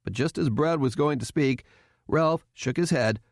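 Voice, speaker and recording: A man narrating an audiobook in a measured, even storytelling manner. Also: on the high side, dry recording, studio quality. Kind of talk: scripted narration.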